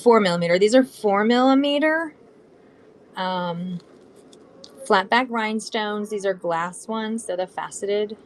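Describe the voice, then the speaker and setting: A woman's voice: medium pitch, measured pace, slight background noise. Bubbly socal woman in her 30s chatting to viewers while selling beads live, easygoing. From Southern California. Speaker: live shopping seller. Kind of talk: casual live-stream selling chat.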